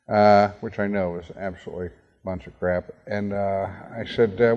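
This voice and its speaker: Animated male storyteller in a reverberant hall. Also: lowish voice, normal speed. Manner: animated storyteller acting out quoted dialogue. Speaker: guest speaker. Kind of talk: storytelling talk to a university audience.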